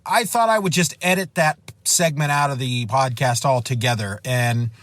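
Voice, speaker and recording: A man with a mid-range, slightly bright voice speaks at a moderate pace. He's hosting his own solo podcast, using a phone as his mic, and rambles loosely through self-mocking rants.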